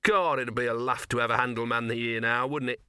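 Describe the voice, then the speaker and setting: A man's voice: mid-range voice, steady tone, a little fast, pushed and bright, dry recording, clean studio sound. A man doing a grumbling scruffy old dog. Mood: sardonic. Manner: grumbling, gruff, sardonic.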